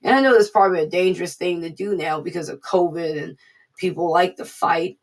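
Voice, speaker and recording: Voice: mid-range voice, fairly quick. A speaker giving an informal devotional talk, earnest and repeating key phrases for emphasis.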